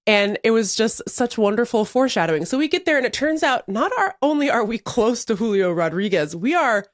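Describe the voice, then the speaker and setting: Animated laughing woman podcast host. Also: on the high side, a little fast, no room sound, studio quality. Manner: animated storytelling, laughs often. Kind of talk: casual chat.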